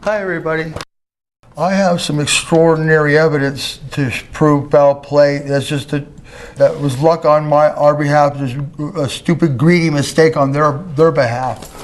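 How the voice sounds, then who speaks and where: Host type, man, stammering and restarting, slightly high voice. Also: steady tone. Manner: halting, repeats words and restarts often. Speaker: channel host. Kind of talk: casual chat and phone calls.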